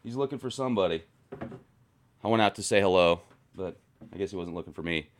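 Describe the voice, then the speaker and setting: A man's voice: sits low, fast, a little hiss or hum. A man hosting a comedic vlog from his garage, reading viewer comments in a playful, sarcastic manner. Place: home garage.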